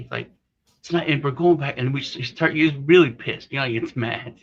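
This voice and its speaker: A man with a medium-pitched, brisk voice co-hosts a casual chat on slightly dull lo-fi audio. He rambles through a story, acting out the other people's voices and lines.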